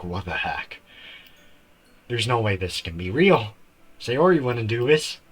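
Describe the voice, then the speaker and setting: A man's voice: medium pitch, sharp tone, poor audio. A man streaming a game live, reading its story text aloud and breaking off into shocked outbursts.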